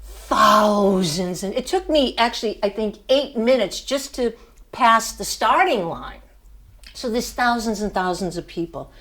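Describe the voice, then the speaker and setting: Older woman, motivational class speech, slow deliberate delivery, storytelling, emphatic. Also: medium pitch, animated, a bit bright. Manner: storytelling, emphatic, laughs at herself. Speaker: student speaker.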